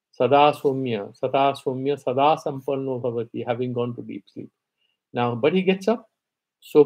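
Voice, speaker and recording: A man's voice: a little high, poor audio. A man teaching a Vedanta class, reciting Sanskrit verses and explaining them with everyday examples. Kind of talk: live-streamed scripture class.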